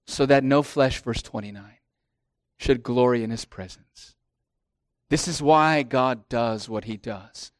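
Dry-miked preaching man, rising then hushing. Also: a little high, dry recording. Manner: preaching with swelling emphasis and dropping to hushed asides. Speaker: pastor. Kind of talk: sermon.

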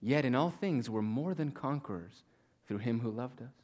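A male pastor preaching a sermon to a congregation, reading scripture with slow stressed pauses and swinging between loud emphasis and hushed near-whispers. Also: mid-range voice, expressive. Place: church in front of a congregation.

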